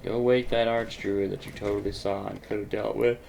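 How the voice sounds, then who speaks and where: A man's voice: lowish voice, little pitch movement, a little fast, creaky, a little mellow, a little hiss or hum. A man giving casual, self-deprecating gameplay commentary, muttering and swearing as he plays. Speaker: gaming video host.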